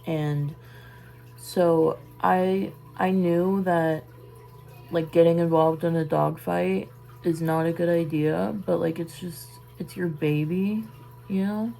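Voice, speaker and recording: A young woman telling a personal story in a casual vlog, halting and trailing off into soft asides while busy with a task. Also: lowish voice, fairly even intonation, vocal fry, poor audio. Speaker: vlogger.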